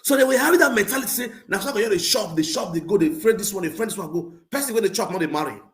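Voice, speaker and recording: A man with a Nigerian Pidgin accent telling a story in an animated rant, swinging between loud outbursts and low muttering. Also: quick pace. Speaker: social media livestreamer.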